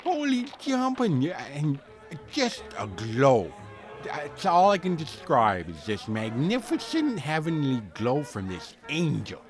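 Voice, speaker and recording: A man's voice: medium pitch, wildly swooping pitch, slow, soft background music. A man playing a folksy, rambling storyteller, filling his comic tall tale with slang and fillers. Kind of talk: comic character monologue.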